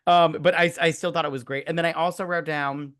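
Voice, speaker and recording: Male podcast co-host, slightly higher pitch, rambling enthusiastic delivery with many fillers. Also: steady tone, a little fast, a bit bright. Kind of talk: casual movie review chat.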